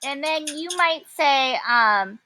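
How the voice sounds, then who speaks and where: A woman teaching a programming lesson, talking casually and thinking aloud with many pauses and fillers. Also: high voice, animated, sharp tone. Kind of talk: classroom coding lesson.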